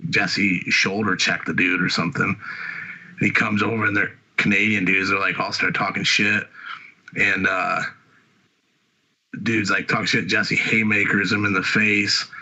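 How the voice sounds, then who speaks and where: A man's voice: lowish voice, pushed and bright, dull audio. A man hosting a podcast, swearing constantly as he rambles through casual profane chat. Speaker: podcast host.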